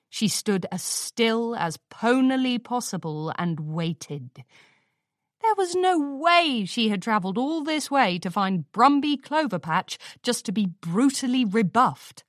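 A woman's voice: fairly high pitch, takes it slowly, dry recording, clean studio sound. A woman narrating a storybook chapter expressively, acting out the lines of the characters. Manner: expressive, acts out dialogue. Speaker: audiobook reader.

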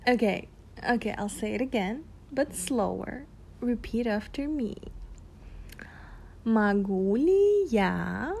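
Slow, teasing woman. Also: medium pitch, gravelly, slightly rough. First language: Russian. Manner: teasing, playful, giggly. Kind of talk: flirty audio role-play.

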